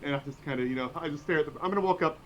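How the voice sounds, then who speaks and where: A man's voice: on the high side, rapid-fire. Eager male player on a dull mic. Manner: eager, thinking aloud with many fillers. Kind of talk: casual tabletop game chat. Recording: dull lo-fi mic, faint hiss.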